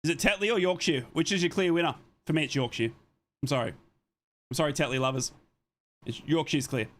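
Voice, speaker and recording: A man's voice: fairly high pitch, animated, a bit bright. A man hosting a live football watchalong, giving casual play-by-play and chatting with viewers' comments, often apologizing as he goes. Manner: chatty, reads and answers viewer comments between plays; apologetic, quick to say sorry.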